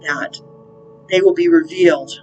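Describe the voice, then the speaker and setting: A woman's voice: on the low side, steady tone, unhurried, a little mellow, highs cut off, faint music behind. A woman hosting her own spiritual channel, talking in a rambling, casual monologue with plenty of fillers and the odd swear word. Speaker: spiritual counselor and channel host.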